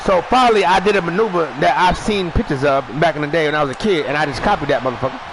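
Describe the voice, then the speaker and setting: A man hosting a wrestling show, shouting a rambling profane comic monologue, stuttering at times and eating while he talks. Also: a little high, racing, background noise. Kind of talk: loud profane comedic monologue.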